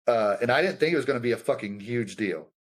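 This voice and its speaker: A young adult man with a middle-pitched voice tells army stories with a loose, profane energy. He swears constantly and acts out the sergeants he quotes. His pitch climbs when he gets worked up. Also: fast talker. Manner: profane, animated storytelling with quoted dialogue. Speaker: guest, combat veteran. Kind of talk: casual storytelling conversation.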